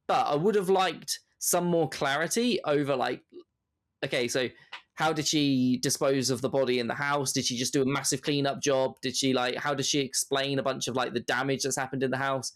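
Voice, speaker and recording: A man co-hosting a podcast, talking through a film in animated casual chat, full of fillers and laughs. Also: medium pitch, normal speed. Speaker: podcast co-host.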